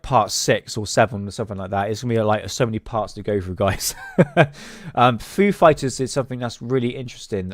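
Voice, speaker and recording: A man's voice: mid-range voice, dry recording, studio quality. A man hosting a casual solo talk, rambling with many fillers and restarts. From England. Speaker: host.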